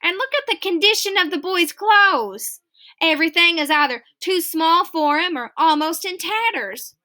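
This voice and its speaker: A woman's voice: extremely high pitch, lively intonation, moderate pace, bright, forceful tone, full character voice. A woman voicing a motherly woman who fusses over a child and scolds her teasing father. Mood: disapproving. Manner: fussing, scolding then coaxing. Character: motherly woman, fussing and caring.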